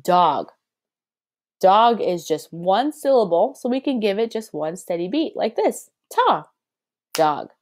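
A woman's voice: medium pitch, expressive, normal speed, few pauses, darkish tone. A young woman teaching a children's music lesson, chanting rhythm syllables in an encouraging, sing-song way.

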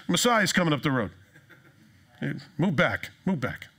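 A man's voice: fairly high pitch, big pitch swings, measured pace, a bit bright, breathy edge, heavily acted. A preacher putting on the voices of grumbling, impatient male disciples who brush people off. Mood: dismissive. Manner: whiny, dismissive.

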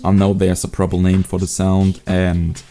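A young man teaching a beatbox sound in a casual home video tutorial, relaxed and hesitant, with many fillers. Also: low voice, moderate pace, soft background music. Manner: laid-back, hesitant with fillers. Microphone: USB desk mic.

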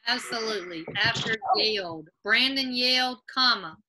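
A woman's voice: a little high, moderate pace, heavy background noise. A woman teacher on a video call, reviewing a grammar quiz with her class and patiently spelling out answers. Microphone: laptop video call.

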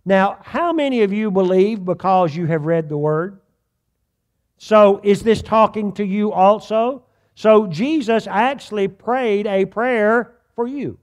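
In a church sanctuary, a pastor with a fairly high voice delivers a sermon to his congregation. He reads scripture slowly and weightily, then turns to ask his listeners direct questions.

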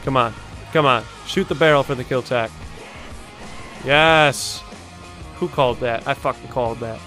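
A young man hosting a video-game montage reaction, talking casually, swearing often and bursting out in excited disbelief. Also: medium pitch, measured pace, faint music behind. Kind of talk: casual gaming reaction commentary.

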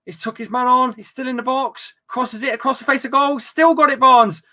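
Excitable man, bright voice. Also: very high-pitched, a little fast. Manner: animated, loud outbursts, swearing; casual banter with friends. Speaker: football watchalong host. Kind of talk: excitable live match commentary.

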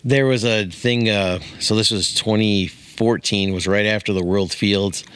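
A man's voice: on the low side, steady tone, unhurried, a bit bright, clean tone. A man co-hosting a podcast, telling long rambling stories in casual chat and chuckling often. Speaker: podcast co-host.

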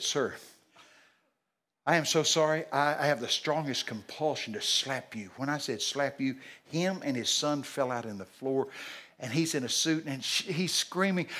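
An older man preaching a sermon, telling folksy stories and shouting out the voices of people in them. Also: fairly high pitch. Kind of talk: storytelling sermon. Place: large church hall.

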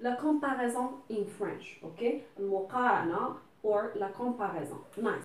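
A woman gives a patient grammar lesson in a fairly high voice. She explains step by step and keeps checking that her students follow. The sound is roomy and echoey, picked up from some way off the mic. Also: warm tone. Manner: switches into French and Arabic to explain. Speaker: English teacher. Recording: echoey room, voice from a distance.

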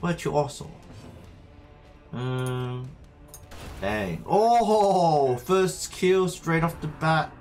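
A man's voice: on the high side, drawn-out words, vocal fry, long pauses, a little mellow. A man streaming a game, chatting to himself and his viewers as he plays. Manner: chatty, talks to himself while playing. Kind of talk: live gameplay commentary. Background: faint game music.

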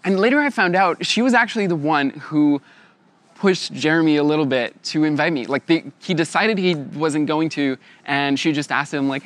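A young man telling a personal story in a lively way, laughing often and acting out the voices of others. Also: a little high, normal speed.

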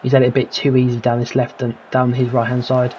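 A man's voice: mid-range voice, monotone, quick pace, a little mellow, a little hiss or hum, low-quality recording. A man giving casual let's-play commentary on a football management game, calling out players and thinking aloud about tactics. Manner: calls player names, mutters his own worries. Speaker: gaming commentator.

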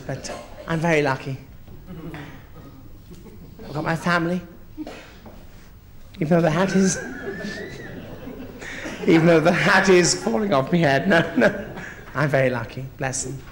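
A man's voice: on the high side, measured pace, pauses often, a crowd in the background. A man, performing live on a theatre stage as a grand but foul-mouthed elderly queen mother. He tells his stories in a mock-genteel way and lands them with crude punchlines. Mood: bawdy. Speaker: drag comedian. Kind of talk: live stand-up drag act.

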